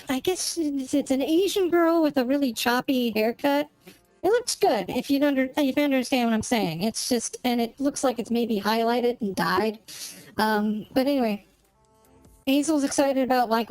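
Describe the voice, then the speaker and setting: A woman's voice: on the high side, a little mellow, no room sound, poor audio. A woman streamer chatting casually while she plays, rambling and searching for words as she goes. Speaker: gaming streamer. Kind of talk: casual chat while playing a game.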